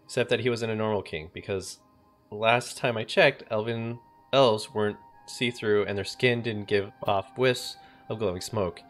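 A man's voice: on the low side, moderate pace, soft background music. A man streaming a game, reading its story aloud with casual asides.

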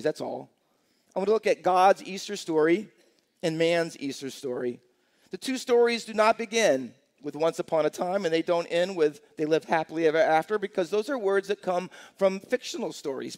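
A man delivers a Sunday sermon as pastor, his voice pitched high with a gravelly rasp. He moves between plain explanation and lively storytelling, building toward his main point. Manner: storytelling with a joke, acting out characters in quotes. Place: church sanctuary.

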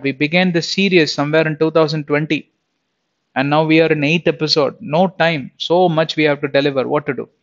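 A man's voice: fairly high pitch, lo-fi sound. A man giving an informal Bible lesson, chatty, often laughing and repeating himself. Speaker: Bible teacher.

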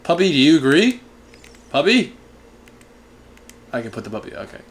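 A man's voice: a little high, sing-song, normal speed. A young man giving comedic, sarcastic commentary while playing a video game, talking back to the characters on screen. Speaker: gaming channel host. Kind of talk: comedic let's-play commentary.

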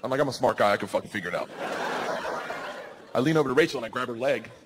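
A man in his forties telling a loud, animated stand-up story before a live audience. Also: medium pitch, rapid-fire, noisy background. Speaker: stand-up comedian. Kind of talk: stand-up set.

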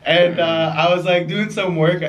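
A man's voice: high voice, steady tone, a little slow, dull audio, slight background noise. A young man in a casual chat with friends, telling stories bluntly and swearing casually.

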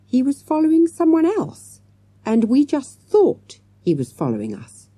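A woman reading an audiobook, voicing an eager, clever schoolboy sleuth in a quick, excited boyish way. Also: high-pitched, no room sound, voice pushed up, exaggerated voice. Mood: puzzling.

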